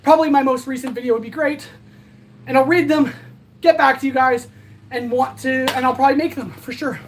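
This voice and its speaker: A woman's voice: high-pitched, fairly even intonation, brisk. A woman hosting a livestream, chatting casually and thanking her viewers in a rambling, earnest way while tired and out of breath. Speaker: livestream host. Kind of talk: casual livestream sign-off chat.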